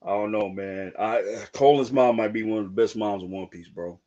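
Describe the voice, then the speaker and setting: A young man on a live reaction stream, talking in slang and breaking into shouted outbursts. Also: on the low side, moderate pace, highs cut off. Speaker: streamer reacting to a manga chapter.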